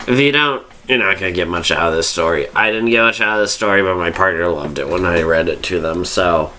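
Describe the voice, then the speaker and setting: A drunk man hosting fanfiction reviews rambles through them in a low, sharp voice, a little fast, with slight background noise. He swears freely and keeps losing his train of thought in this casual monologue.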